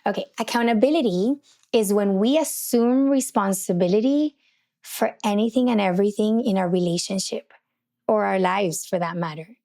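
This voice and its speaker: A woman's voice: mid-range voice, moderate pace, a little mellow. A middle-aged woman hosting a faith and relationships podcast, telling a personal story in a candid, chatty way and acting out her own thoughts. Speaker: podcast host.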